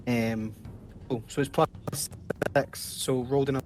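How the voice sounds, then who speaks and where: A man's voice: medium pitch, steady tone, measured pace, faint music behind. A man playing in a tabletop game, reading rules aloud in a hesitant way with many fillers. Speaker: player. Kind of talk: casual tabletop play.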